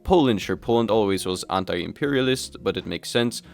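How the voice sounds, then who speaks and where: A man's voice: on the low side, lively intonation, moderate pace, gravelly, faint music behind. A man hosting a casual commentary vlog, chatty and self-deprecating, addressing his viewers directly as he reviews comics. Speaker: YouTube host reviewing comics.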